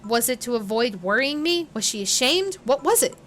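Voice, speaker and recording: A woman's voice: on the high side, animated, normal speed, fairly bright tone, soft background music. A woman reading a blunt, grieving young woman. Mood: somber.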